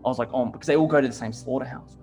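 A man's voice: mid-range voice, rapid-fire, faint music behind. A young man, talking in a casual chat. He tells stories animatedly, fills his speech with "like" and swears often. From Australia. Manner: swears a lot, heavy use of "like", animated storytelling.

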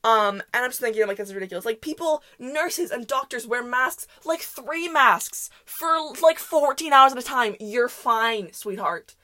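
A woman's voice: high-pitched, normal speed, few pauses, bright, forceful tone. A young woman hosting a podcast, telling a story in a rambling, chatty way full of fillers. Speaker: podcast host. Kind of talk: casual storytelling monologue.

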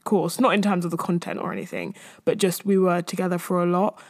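A woman's voice: fairly low pitch, sing-song, fairly quick, darkish tone. A woman, hosting a podcast and rambling casually about her week, a bit out of breath. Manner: rambling and chatty, with frequent fillers and laughs. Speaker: podcast host. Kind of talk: casual solo chat.

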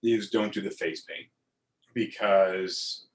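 A man's voice: sits low, fairly even intonation, slow. A man co-hosting a casual chat, telling stories with crude jokes and repeated words.

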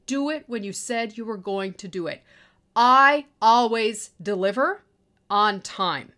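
A woman's voice: medium pitch, animated, moderate pace, bright, forceful tone. A middle-aged woman hosting a solo show, delivering a blunt, profane rant about people who make excuses and don't deliver. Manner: blunt, exasperated, swears freely, mocks excuses in a whiny voice. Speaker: podcast host and online course business owner. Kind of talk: profane ranting monologue.

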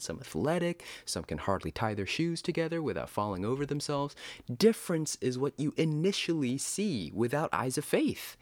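A man's voice: mid-range voice, dry recording. A man giving scripted commentary in an emphatic, preachy and sarcastic way. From United States. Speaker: Christian commentator.

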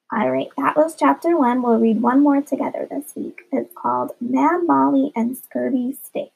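A woman, a teacher, reading a children's chapter book aloud in an expressive storytelling manner. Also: fairly high pitch, a little slow, gravelly, slightly rough. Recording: dull lo-fi recording.

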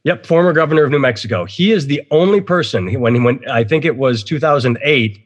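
A man with a middle-pitched, ordinary voice hosts a loose podcast chat. He rambles through opinions, swearing freely. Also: fast talker, muffled recording. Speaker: podcast host. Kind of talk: casual chat.

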